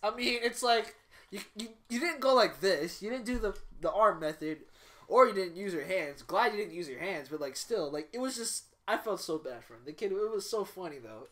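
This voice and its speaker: A man's voice: sits high, lively intonation, brisk, fairly bright tone. Slangy young man telling a story. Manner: loose, slangy, repeats himself. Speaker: podcast co-host. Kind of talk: casual storytelling chat.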